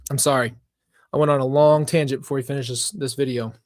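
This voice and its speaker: A man's voice: medium pitch, steady tone, fast, no room sound. A man hosting a live reaction stream, talking earnestly and reflectively to his viewers and chat, often wandering off on personal tangents. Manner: talks straight to viewers and chat. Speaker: reaction channel host.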